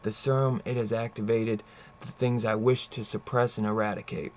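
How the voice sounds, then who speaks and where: A man's voice: on the low side, little pitch movement, normal speed, a little mellow, close to an everyday voice. Guy reading out a brooding vampire scientist, grim monologue, muffled lo-fi sound. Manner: grim, brooding inner monologue read aloud. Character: tormented male living vampire scientist. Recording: dull lo-fi with faint hiss.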